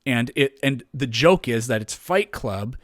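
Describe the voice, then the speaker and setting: A man in a relaxed podcast conversation, circling his point with lots of fillers, restarts and quick laughs. His voice sits at an ordinary middle pitch. The sound is dry and close, with little room around it. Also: no echo. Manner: rambling, many restarts and fillers, laughs often. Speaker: podcast guest. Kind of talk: casual conversation.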